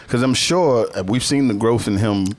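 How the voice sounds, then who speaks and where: A man co-hosting a podcast, talking in an animated, slangy, teasing way in casual group chat. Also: mid-range voice, normal speed. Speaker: podcast co-host.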